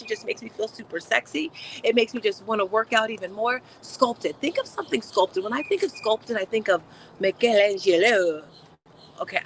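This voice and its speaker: On poor audio with slight background noise, a female host with a high, somewhat bright voice runs a motivational live stream. She chats cheerfully and addresses her viewers directly.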